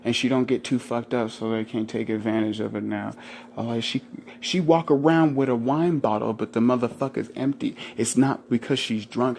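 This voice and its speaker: A young man talks in a loose, rambling rant, full of swearing and short laughs. His voice sits at an ordinary middle pitch, and he slips into put-on voices to act out what others say. A faint hiss of background noise runs under the recording. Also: vocal fry, a little mellow. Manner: rambling, profane, laughs often, acts out quotes in other voices. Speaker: vlogger. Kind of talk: casual rant to camera.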